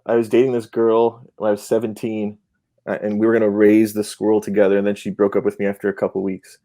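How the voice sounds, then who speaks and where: A man's voice: lowish voice, completely flat delivery, quick pace, dark tone. A man on a podcast delivering a run of short stand-up jokes with giggles. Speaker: comedy segment guest.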